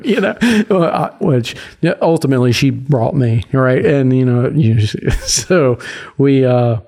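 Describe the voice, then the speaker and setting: A man's voice: mid-range voice, animated, a little slow, gravelly, mellow. A man hosting a podcast, telling hunting stories in a rambling, laughing way, full of "like" and "right?". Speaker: podcast host. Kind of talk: casual storytelling chat.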